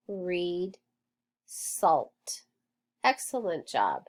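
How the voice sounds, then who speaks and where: Female teacher, phonics drills for kids, unhurried and patient, mid-pitched, encouraging. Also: animated. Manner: patient, encouraging, sounds out words and letters. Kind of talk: slow, deliberate phonics lesson for children.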